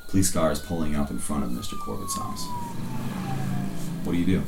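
A man's voice: sits low, huge pitch swings, brisk, reverberant, background noise. A man narrating as game master of a tabletop horror game, playful and joking.

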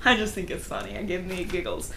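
A woman's voice: on the low side, sing-song, a crowd in the background. A woman co-hosting a podcast, casually recapping a book and briefly acting out the characters' lines. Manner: quick retelling with brief acted-out cat voices. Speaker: podcast co-host.

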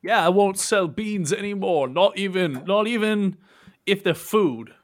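A man's voice: sits high, unhurried, voice pushed up. A man voicing a clumsy, nervous, apologetic big male sailor in a tabletop game, stammering through his apologies. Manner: flustered, stammering, loud apologies. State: nervous sweat.

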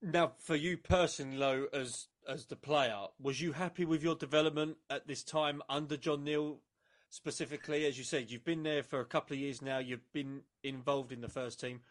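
Man, podcast host, higher pitched, long layered questions. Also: fairly even intonation, moderate pace. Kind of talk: casual interview.

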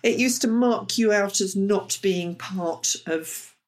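A woman's voice: mid-range voice, slow pace. A middle-aged woman in casual podcast chat, talking in a chatty way and giving her opinions freely.

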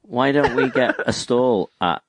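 A man's voice: medium pitch, a little slow, no room sound. A man co-hosting a podcast, mostly listening and cutting in with short, dry, teasing questions. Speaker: podcast co-host. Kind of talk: casual chat.

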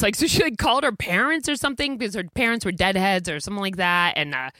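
A woman's voice: mid-range voice, lively intonation, fast talker, few pauses, bright, forceful tone, dry recording, studio quality. A woman telling a rambling anecdote in casual chat, laughing often and acting out what people said. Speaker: co-storyteller.

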